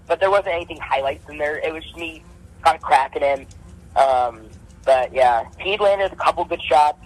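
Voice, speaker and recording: Young male amateur boxer, slightly high voice, casual animated storyteller who voices his own punches. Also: poor audio. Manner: animated, acts out punches with repeated "boom".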